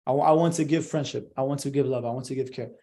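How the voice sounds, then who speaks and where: A man's voice: mid-range voice, fairly even intonation, fast talker, mellow. A young man giving a profane, emphatic motivational monologue, swearing constantly.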